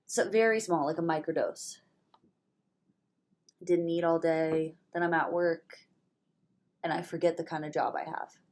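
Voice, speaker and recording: A young woman with a low voice talks in a loose, rambling way, stuffed up and worn out from a hangover. She swears without a second thought, and now and then her voice falls to a whisper. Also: steady tone, unhurried, long pauses, darkish tone, slight background noise. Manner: rambling and candid, swears freely, with sudden whispered asides. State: hungover and stuffy-nosed. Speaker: vlogger. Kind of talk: casual spiritual vlog monologue.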